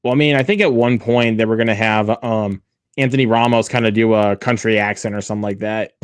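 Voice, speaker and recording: A man's voice: fairly low pitch, steady tone, fairly quick, smooth, no echo. Guy hosting a movie watch-along, rambly, lots of ums, dead dry room. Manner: rambling, many fillers and restarts.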